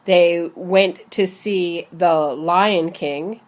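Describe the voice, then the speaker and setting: A woman with a lowish voice hosts a casual true-crime talk show. She speaks conversationally and guides the discussion from point to point. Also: extremely slow. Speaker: podcast host.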